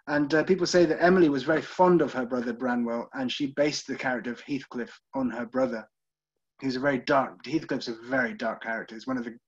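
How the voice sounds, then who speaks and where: A man giving a casual virtual tour talk, chatty with wry asides and frequent ums. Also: mid-range voice. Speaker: tour guide. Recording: slightly dull lo-fi recording.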